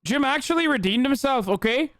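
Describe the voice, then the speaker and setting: A man's voice: very high voice, expressive, fairly quick, noisy background. A man hosting a stream, giving joking, chatty reaction commentary. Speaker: streamer host.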